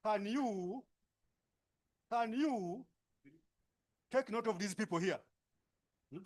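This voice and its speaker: A workshop facilitator speaking Ugandan English divides the participants into groups through brisk instructions peppered with tag questions. His voice sits high.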